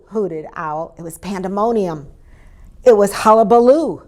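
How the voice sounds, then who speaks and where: A woman reading a children's story aloud in an expressive way, inviting her listeners to join in. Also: lowish voice, slow. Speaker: storybook reader.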